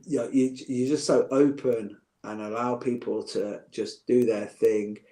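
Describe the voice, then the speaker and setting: A man's voice: medium pitch, fairly even intonation, a little slow, mellow. A middle-aged man, chatting as a podcast guest, joking and heartfelt by turns. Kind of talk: casual chat.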